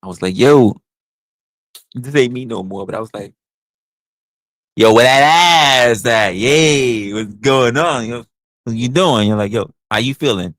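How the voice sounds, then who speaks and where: A livestream host acting out a boastful reformed soul snatcher confessing to a support group, with a slangy drawl. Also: male voice, mid-range voice, a little slow, long pauses, a bit bright, no echo, voice pushed down, close to an everyday voice, rough recording. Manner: swaggering, drawling storyteller with street slang. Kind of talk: comedic improvised skit on a livestream.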